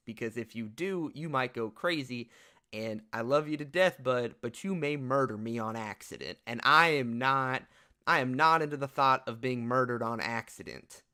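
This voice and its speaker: A man's voice: medium pitch, normal speed, pushed and bright, smooth. A man playing a tabletop game in character, talking emphatically, swearing and laughing a lot.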